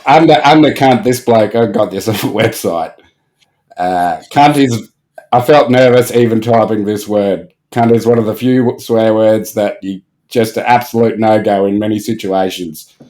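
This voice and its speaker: A man's voice: fairly low pitch, moderate pace, darkish tone. Man, podcast host, laid-back, swears a lot, laughs easily. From Australia. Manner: swears freely, laughs often. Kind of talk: casual podcast chat.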